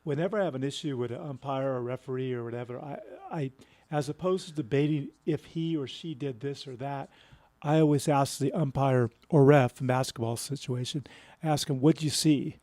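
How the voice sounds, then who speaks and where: A man who coaches, giving thoughtful, measured advice in a casual radio chat. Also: mid-range voice, warm tone, no echo.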